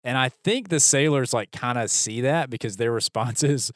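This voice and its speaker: A man's voice: mid-range voice, moderate pace, dry recording. Dry-voiced man retelling a Bible story. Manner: animated storytelling, acts out characters' lines. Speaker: podcast co-host. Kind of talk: casual Bible discussion.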